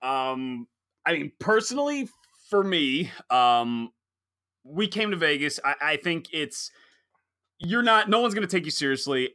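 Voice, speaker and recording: A gushing male co-host of a comedy podcast with a bright, lively voice. His pitch swings widely as he banters, effusive and over the top. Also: unhurried.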